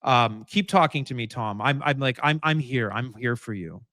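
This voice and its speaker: A man playing a calm, soothing male hostage negotiator who speaks softly and reassuringly. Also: mid-range voice, dry recording, studio quality, lightly acted. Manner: slow, soft, reassuring.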